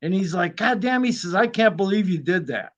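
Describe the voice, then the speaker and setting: A man from Wyoming with a high voice for a man, chatting on a live stream. He drawls through his stories in a relaxed, unhurried way. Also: muffled recording. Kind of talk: casual chat.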